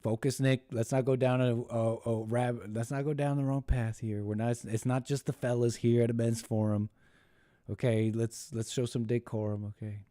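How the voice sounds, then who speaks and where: In a warm, level mid-range voice, an American man hosts a live call-in show, heard at studio quality without echo. He rambles through a mocking monologue, putting on voices for those he quotes, stopping and restarting repeatedly and laughing.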